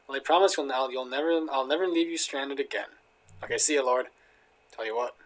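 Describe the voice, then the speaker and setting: At a moderate pace and in a mid-range voice, a young gaming video host gives casual let's play commentary. Faint game music sits underneath while he jokes, reads in-game lines aloud and frequently chuckles.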